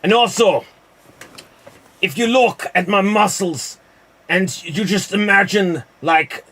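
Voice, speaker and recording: A man doing an improv impression of a loud, boastful action star in a mangled put-on accent. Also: high-pitched, slow pace, voice pushed up, full character voice. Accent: mangled put-on accent, Cuban-leaning.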